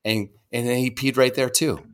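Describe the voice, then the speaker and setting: A man's voice: medium pitch, fairly even intonation, moderate pace, clear, resonant tone. A man co-hosting a podcast, telling rambling, profane stories in casual chat. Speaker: podcast co-host.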